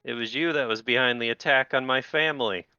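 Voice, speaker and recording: A man's voice: medium pitch, brisk, sharp tone, clean tone, dry recording, highs cut off, voice pushed up. A man voicing a vengeful young princess who coldly accuses a lord. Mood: accusing. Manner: cold, accusing.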